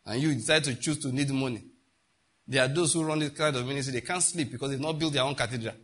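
Husky-voiced male pastor preaching. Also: mid-range voice, quick pace, fairly bright tone. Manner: emphatic preaching with rhetorical questions. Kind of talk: sermon.

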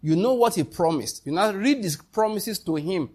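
A man's voice: high-pitched, expressive, moderate pace, a little mellow, husky. A man, preaching a sermon as pastor, emphatic and calling out questions to the congregation.

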